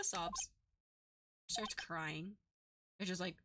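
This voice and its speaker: A woman's voice: medium pitch, moderate pace, over music. A young adult woman streamer giving playful, chatty commentary while playing a game. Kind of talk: casual gameplay commentary.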